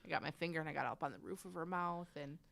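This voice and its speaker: A woman's voice: low-pitched, racing, creaky, dry recording. A middle-aged woman co-hosting a casual chat show, telling chatty stories and acting out what her family says. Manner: chatty, animated storyteller acting out family quotes. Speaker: podcast co-host.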